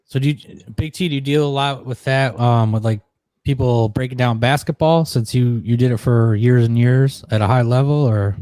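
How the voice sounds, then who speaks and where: A man's voice: mid-range voice, fairly even intonation, normal speed, mellow, no echo. Rambling man telling a story on a podcast. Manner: rambling storyteller, lots of fillers, swears. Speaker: podcast co-host. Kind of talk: casual chat.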